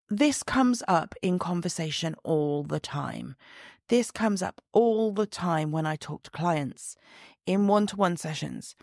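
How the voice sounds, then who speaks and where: Female podcast host, chatty and direct, lowish voice with fry, dry home recording. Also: darkish tone, dry recording. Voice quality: chatty, direct, laughs at herself. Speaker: podcast host and body image coach. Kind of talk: casual solo podcast talk. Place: sitting at home, room lights only. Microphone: own podcast mic.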